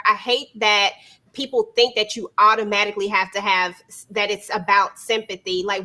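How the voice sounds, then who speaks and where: Woman panelist, bright tone, emphatic, casual chat. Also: a little high. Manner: emphatic, rising to exasperated outbursts. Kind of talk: casual live discussion.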